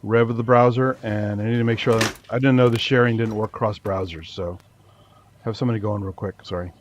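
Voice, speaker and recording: A man's voice: lowish voice, steady tone, fairly quick, a little hiss or hum. A man co-hosting a casual chat over a video call, hesitant and apologetic, with many fillers. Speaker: co-host.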